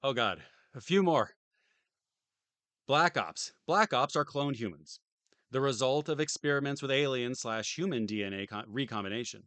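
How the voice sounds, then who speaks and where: A man's voice: mid-range voice, expressive, normal speed, fairly bright tone, no room sound. A tired man streaming from home, reading a game manual aloud on a close desk mic and tossing in dry joking asides. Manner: dry, joking asides between read passages.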